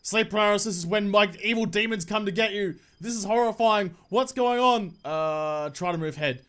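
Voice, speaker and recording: A man's voice: high voice, normal speed, a bit bright. A man giving casual, swear-filled commentary during a horror game playthrough, with jumpy, nervous reactions. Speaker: let's play gamer.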